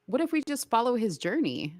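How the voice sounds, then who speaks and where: A woman's voice: a little high, very animated, a little fast, darkish tone, no echo. A woman in her forties co-hosting a live talk show, teasing and laughing often. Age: 40s. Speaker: co-host. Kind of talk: casual live-show banter.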